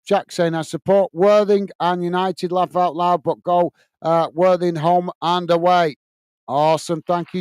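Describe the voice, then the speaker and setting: A fairly high, smooth and clean-toned man hosts a live football watch-along. He chats casually, reading viewer comments aloud and answering them with lots of filler sounds. The sound is close and dry. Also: darkish tone, no echo. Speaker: host.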